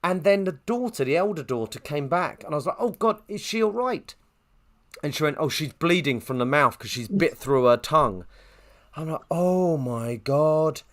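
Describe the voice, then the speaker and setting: A man co-hosting a podcast, telling a long anecdote and jumping into high quoted voices. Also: moderate pace. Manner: animated storyteller, jumps pitch for quoted voices. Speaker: podcast co-host.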